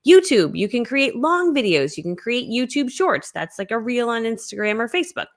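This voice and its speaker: A woman hosting a live-streamed online business training, talking in an energetic, amped-up, chatty way and laughing often. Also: a little high, normal speed.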